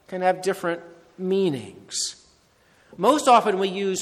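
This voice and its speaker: High-voiced, slow-speaking male preacher. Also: expressive, fairly bright tone. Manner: measured, emphatic phrasing with short repeated phrases. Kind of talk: sermon. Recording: long hall reverb.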